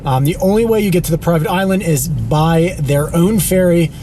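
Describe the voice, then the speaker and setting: Man, dog trainer, vlog chat on the move. Slightly high voice, winded, heavy outdoor and traffic noise. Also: normal speed. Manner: chatty, talks to his dogs between remarks. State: out of breath. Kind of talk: casual vlog narration while walking and driving. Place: outdoors on a beach walk near a road, then in a car.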